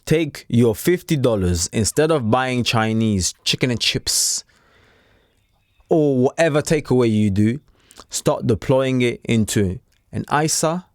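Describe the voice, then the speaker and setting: A man's voice: medium pitch, expressive, measured pace, no room sound, clean studio sound. A man talking casually to camera as a trading coach, chatty and repetitive, with streetwise slang. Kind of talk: casual unscripted talk to camera.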